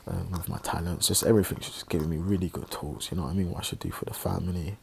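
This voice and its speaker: A man telling a personal story in a halting, reflective way, with many pauses and restarts, sounding subdued and emotional. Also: low-pitched, fairly even intonation, gravelly, darkish tone, a little hiss or hum. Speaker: online religious presenter.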